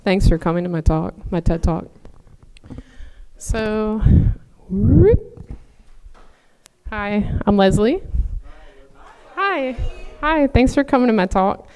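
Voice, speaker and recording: A woman's voice: medium pitch, slow, long pauses, darkish tone, clean tone. A woman opening a conference talk in a playful, loose, casual way. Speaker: conference speaker. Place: conference hall. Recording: noisy hall recording.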